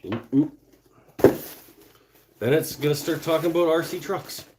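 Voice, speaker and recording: Streaming live from his home woodturning shop, this man thinks out loud, mumbles while working, and reads out comments from viewers in a laid-back way. His voice is on the high side, a little slow, with slight background noise.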